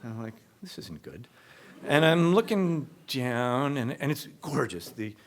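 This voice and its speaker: A man telling a true story live on a comedy club stage, talking in a conversational, animated way and acting out what people said. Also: medium pitch, measured pace.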